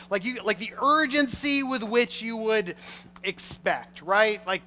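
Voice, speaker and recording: A male pastor preaching a sermon, reading scripture and retelling it with animated storytelling. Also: sits high, normal speed, low-quality recording. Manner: animated storytelling, acts out scenes.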